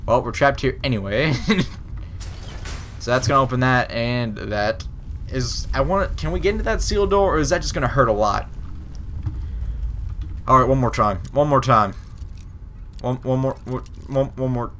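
A man's voice: mid-range voice, a little slow, long pauses, a bit bright, a little hiss or hum. A young man commentating his own gameplay, cursing at the game and laughing at himself. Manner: profane, frustrated, laughing at himself. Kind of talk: let's play commentary.

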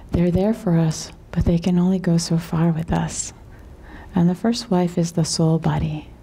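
A woman yoga teacher telling a parable in a calm, unhurried way, sometimes dropping to a whisper and often asking "right?". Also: on the low side, gravelly, breathy edge.

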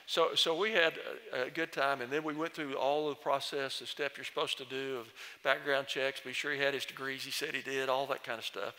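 A man's voice: mid-range voice, flat delivery, brisk, few pauses. Older man telling folksy church stories. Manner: folksy, gently humorous storyteller. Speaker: former search committee chairman. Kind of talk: speech at a church celebration. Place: large church sanctuary. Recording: long church reverb.

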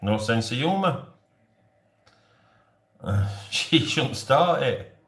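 A man's voice: medium pitch, animated, slow, a bit bright. Jokey Yorkshire man chatting live. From Yorkshire, England. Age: 40s. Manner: jokey and rambling, often laughing. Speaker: live-stream host. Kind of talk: casual live-stream chat to viewers. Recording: roomy echo.

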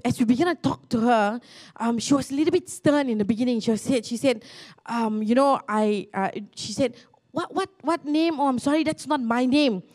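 A high-pitched young woman preaches a sermon. She tells her story earnestly, often restarting her sentences, and her voice climbs as she gets excited. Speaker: pastor. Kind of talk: sermon testimony.

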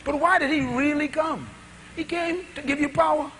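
A middle-aged man preaching a sermon, with dramatic swings between shouted lines and hushed asides, full of rhetorical questions. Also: extremely high pitch, fairly even intonation, normal speed, slight background noise.

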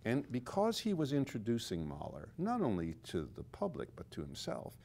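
A man's voice: mid-range voice, huge pitch swings, moderate pace, vocal fry, darkish tone. An older man, a conductor and author, explaining music with animation in conversation and singing phrases to illustrate his points.

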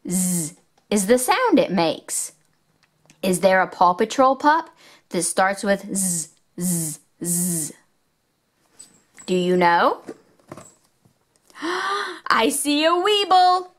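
Lady doing a kids toy video, sounds out letters super slow, voice bouncing all over. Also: medium pitch. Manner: slow, sing-song phonics teaching with excited squeals. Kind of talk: children's educational toy demo.

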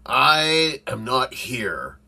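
Man doing a slow, sleepy grumpy toad. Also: medium pitch, sing-song, gravelly, pushed and bright, breathy edge, pitched above the performer's own voice, exaggerated voice. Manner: slow, drowsy and reluctant. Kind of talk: storybook read-aloud.

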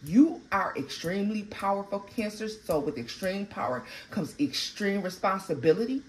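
A woman giving a casual, animated tarot reading, blunt and full of profanity. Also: mid-range voice, moderate pace, slight background noise. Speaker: tarot reader.

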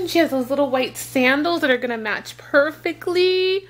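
A young woman gushing over gifts in an excited unboxing vlog, gasping and repeating exclamations of delight. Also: sits high, normal speed, hardly any pauses, slight background noise.

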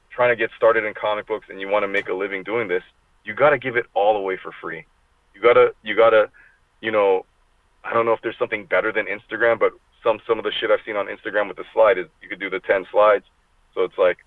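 A lowish male voice with no room sound carries a casual, foul-mouthed, rambling chat. The speaker, a middle-aged man, is an interview guest calling in by video from his car, and the audio is tinny and dry.

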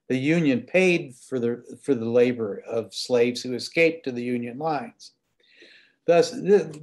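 A man, an author, giving a talk and reading from his novel in a conversational, halting way. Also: mid-range voice, darkish tone. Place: event hall.

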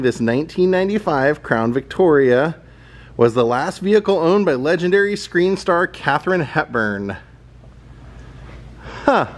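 Chatty man touring a car museum. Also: fairly high pitch. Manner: chatty, admiring, thinks aloud. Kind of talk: casual walking tour commentary.

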